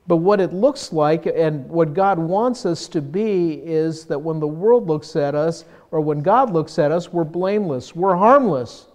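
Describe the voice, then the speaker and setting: An older man giving a sermon from the pulpit, speaking in a slightly high voice. He talks casually and pokes fun at himself, and his delivery gets lively when he mimics other people's complaints. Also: measured pace, hardly any pauses. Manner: conversational, self-deprecating, animated when mimicking. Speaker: pastor.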